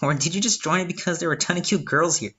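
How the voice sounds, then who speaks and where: A man's voice: fairly high pitch, fast, pushed and bright, husky, voice pushed up. A man voicing a confident, teasing teenage girl who leads a school club. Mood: stern.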